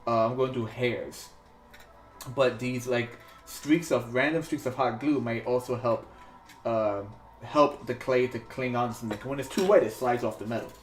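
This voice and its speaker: A man's voice: medium pitch, normal speed. Rambling man chatting while he sculpts. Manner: rambling, hesitant, many fillers and restarts. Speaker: sculpting livestream host. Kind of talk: casual chat while working. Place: home studio in New York. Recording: roomy echo, faint music behind.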